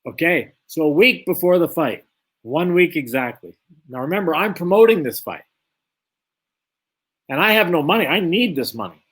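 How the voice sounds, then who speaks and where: A former boxer, appearing as a guest in an interview, spins a long and lively boxing tale, voicing both sides of each exchange himself. His voice is fairly high and a bit breathy, moving at a moderate pace with frequent pauses.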